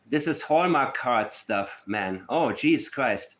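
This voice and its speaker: A man hosts a true-crime livestream, speaking slowly with lively intonation in a medium-pitched, fairly bright voice. Toward his chat he's sarcastic and mock-emotional, reading letters aloud in a syrupy, mocking tone.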